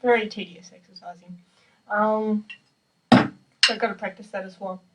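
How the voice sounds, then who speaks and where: A young adult woman with a steady, mid-range voice speaks at a moderate pace. As a percussion student in a practice room, she demonstrates snare exercises in a casual, chatty way, self-deprecating and heavy on fillers. Drumming plays behind her on a distant mic.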